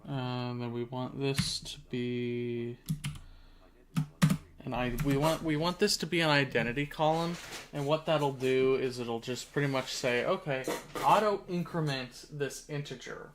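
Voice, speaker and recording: A man's voice: mid-range voice, steady tone, unhurried, noisy background. A man hosting a casual coding livestream, thinking aloud step by step while typing at his desk. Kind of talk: casual live coding narration. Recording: audible keyboard typing behind.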